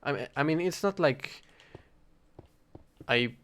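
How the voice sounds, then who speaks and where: A man's voice: on the high side, animated, slow, a bit bright, clear, resonant tone. Rambling young man, hesitant and self-correcting. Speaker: English teacher. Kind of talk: casual rambling talk while gaming.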